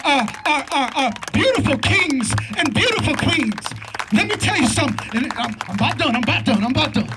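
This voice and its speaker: A man's voice: extremely high pitch, bright, forceful tone, a little hiss or hum. A middle-aged man giving an impassioned rally speech at a street protest, fervent and repetitive with a preacher-like cadence. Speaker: protest speaker. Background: faint crowd.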